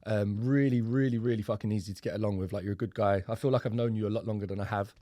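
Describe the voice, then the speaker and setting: A man's voice: lowish voice, fairly even intonation, very fast, mellow, dry recording, studio quality. A young man with a London accent hosting a podcast in casual, blunt chat that is full of swearing. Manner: blunt, swears freely, loose and chatty. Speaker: podcast host.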